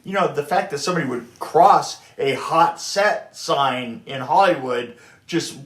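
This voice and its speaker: A man's voice: a little high, a little slow, fairly bright tone. A middle-aged or older man, a production designer telling stories in a casual chat, restarting often and acting out what others said. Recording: echoey room.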